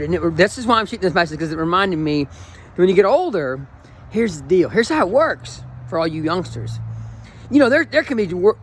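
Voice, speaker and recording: A man's voice: high voice, slight background noise. A man in his forties, a running coach, talking in an enthusiastic, emotional and rambling way in a casual motivational vlog. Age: 40s.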